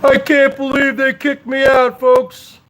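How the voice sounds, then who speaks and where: A man's voice: very high-pitched, monotone, unhurried, a bit bright. A man mocking a wailing, self-pitying drunk streamer. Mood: whining. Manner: wailing, repetitive complaining.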